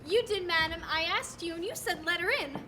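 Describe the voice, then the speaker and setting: A woman's voice: very high-pitched, brisk, distant mic, background noise. A woman playing a weary, dryly polite bank clerk in a live stage play, recorded on a school stage. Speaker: stage actor.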